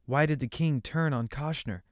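Male reader playing a distressed young princess, lifted pitch, pleading, dry read. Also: moderate pace, no echo, natural voice. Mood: worried.

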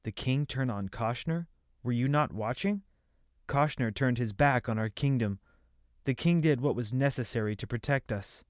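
A man's voice: medium pitch, moderate pace, no room sound, clean studio sound, lightly acted. A man playing a stern commanding queen.

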